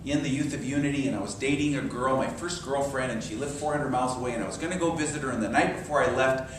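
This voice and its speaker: A man's voice: mid-range voice, fast talker, distant mic, a little hiss or hum. Man teaching in an echoey church hall. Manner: animated storyteller, acts out quoted voices. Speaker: minister. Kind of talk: sermon-style class talk.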